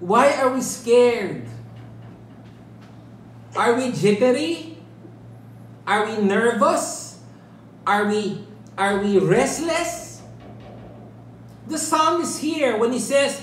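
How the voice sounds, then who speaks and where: A woman's voice: high voice, lively intonation, takes it slowly, long pauses, slight background noise. A woman leading a Bible study, emphatic and full of rhetorical questions, checking in with "right?". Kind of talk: interactive Bible teaching. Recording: echoey room with faint ambience.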